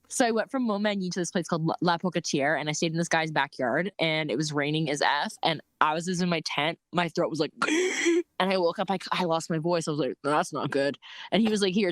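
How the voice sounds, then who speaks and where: A young woman casually telling a story about her bike trip, animated, laughing often and filling her talk with "like". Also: fairly low pitch, dry recording.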